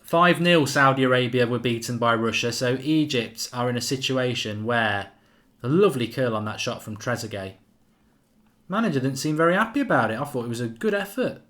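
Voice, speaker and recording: A man's voice: mid-range voice, animated, fairly quick, fairly bright tone. A man hosting a live football watchalong, chatting casually and reading out viewer comments. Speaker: watchalong host.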